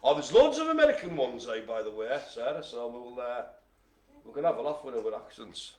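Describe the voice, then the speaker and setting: A man's voice: mid-range voice, sing-song, fairly quick, darkish tone. A man hosting a live online bingo game, chatty and jokey, full of puns and asides. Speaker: bingo host.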